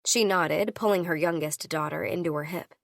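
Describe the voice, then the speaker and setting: A woman reading a first-person audiobook, voicing each character with her own shifts in pitch. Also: normal speed, vocal fry, no room sound, clean studio sound. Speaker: audiobook narrator.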